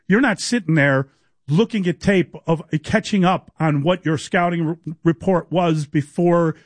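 A man's voice: on the high side, normal speed, no echo. A man co-hosting sports talk radio, blunt and skeptical, pushing back on his partner.

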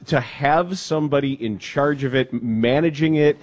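A man's voice: on the high side, moderate pace. A male sports radio host with an ordinary mid-range voice. He tells stories animatedly, throwing in emphatic asides and building up his point as he goes. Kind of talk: casual sports radio banter.

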